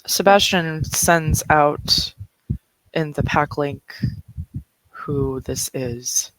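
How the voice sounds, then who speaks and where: A man playing a tabletop role-playing game, halting through his character's actions with fillers and short laughs. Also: a little high, a bit bright, dry recording, low-quality recording. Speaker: player.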